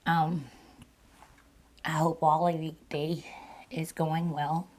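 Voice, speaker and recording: Woman, mukbang host, sore throat; low, unhurried, casual storytelling. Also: little pitch movement. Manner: slow, deliberate retelling with repeats. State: sore throat, partly lost voice. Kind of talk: casual storytelling to viewers while eating.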